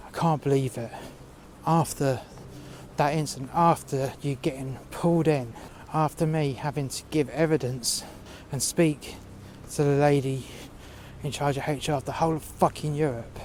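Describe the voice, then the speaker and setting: A man's voice: mid-range voice, fairly even intonation, moderate pace, over music. A man telling a fictional workplace story as an aggrieved, profane rant, recorded outdoors in the cold.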